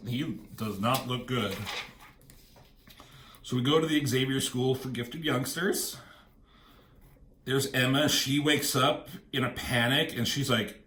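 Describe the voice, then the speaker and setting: A man's voice: mid-range voice, fairly bright tone, reverberant. A man casually retelling a comic book story, slipping into quoted lines from the characters.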